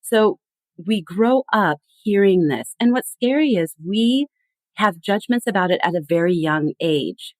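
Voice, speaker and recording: A woman guest on a podcast, explaining with animated emphasis in a conversational tone. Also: on the low side, no room sound. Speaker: guest expert.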